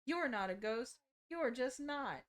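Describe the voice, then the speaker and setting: A woman's voice: high-pitched, expressive, unhurried. A woman reading aloud as a fiery teenage shrine maiden heroine, brash and scolding. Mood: defiant. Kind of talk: reading game dialogue aloud.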